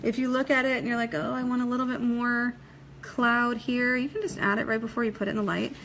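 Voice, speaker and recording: A woman's voice: a little high, fairly even intonation, quick pace, fairly bright tone, slight background noise, rough recording. Chatty woman teaching a nail demo. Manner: chatty, laughs easily, reads viewer comments aloud; folksy, checks in with "okay?". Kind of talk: casual live tutorial.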